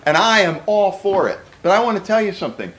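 A man's voice: sits high, very animated, quick pace, fairly bright tone, echoey room, low-quality recording. A man preaching a sermon to a room of pastors, emphatic and conversational, with repeated words for stress.

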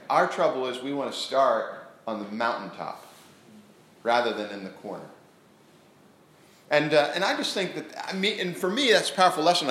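Male preacher, lively sermon storyteller, recorded in a reverberant hall. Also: medium pitch. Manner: lively, acts out the scripture scenes, often restarts his sentences. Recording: roomy echo.

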